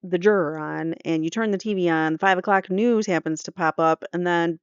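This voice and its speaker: A woman hosts a true crime court channel, reading transcripts aloud and stopping to weigh in with blunt, chatty opinions. Her voice is smooth and clear. The sound is dry and close, with a slightly dull, muffled tone. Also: on the low side, moderate pace, no room sound. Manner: opinionated, conversational asides. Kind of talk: reading trial transcript with commentary.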